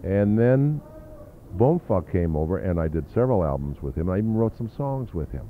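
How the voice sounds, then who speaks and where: An older man with a very low voice tells long, rambling stories from his past, stopping often to hunt for names. The sound is thin and tinny like an old phone-line tape with a faint hiss under it. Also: big pitch swings, normal speed. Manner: rambling anecdotal storytelling with fillers. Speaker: interview guest, drummer. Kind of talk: reminiscing interview.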